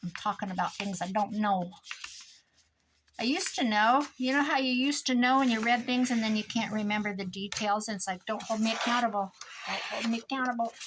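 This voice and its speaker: A woman's voice: medium pitch, moderate pace, noisy background. Rambling older woman crafting. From Iowa, US. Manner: rambling, chatty, trails off into stories. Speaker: crafting vlogger. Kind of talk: casual chat while crafting.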